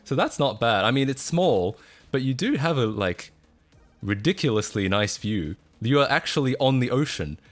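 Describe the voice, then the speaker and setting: A man's voice: medium pitch, big pitch swings, normal speed, faint music behind. A man chatting casually on a livestream, laughing often and breaking into incredulous outbursts.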